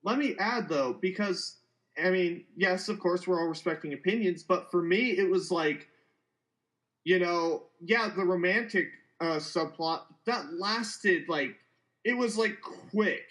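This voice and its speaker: Casting: higher male voice, blunt and loose co-host, filler-heavy chat. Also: measured pace, fairly bright tone, low-quality recording. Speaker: podcast co-host. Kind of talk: casual film discussion.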